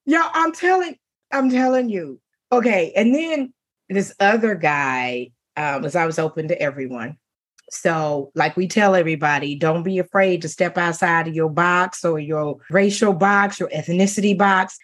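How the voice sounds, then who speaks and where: A middle-aged woman co-hosting a talk show, telling a dating story in casual chat, animated and laughing as she quotes the men. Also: lowish voice, moderate pace.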